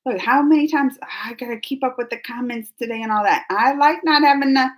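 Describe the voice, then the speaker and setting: A woman's voice: a little high, fairly quick. A woman, chatting on a livestream, laughing and calling viewers by name while her throat keeps catching and she coughs. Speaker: livestream host. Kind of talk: casual chat reading viewer comments.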